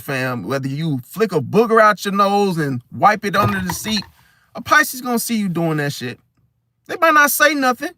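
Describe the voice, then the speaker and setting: A man with a high, very lively voice tells a rambling story in loose street slang. He hosts an astrology talk channel. The sound is close and dry, with no room around it. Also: no echo. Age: adult, once married. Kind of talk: casual storytelling monologue.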